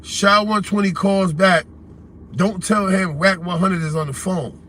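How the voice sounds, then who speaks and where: A blunt, confrontational man with a New York accent rants to his livestream audience in street slang. His voice sits high for a man and sounds bright and forceful. There is a faint hiss of noise behind him. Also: unhurried. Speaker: host of a call-in livestream. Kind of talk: heated casual livestream rant.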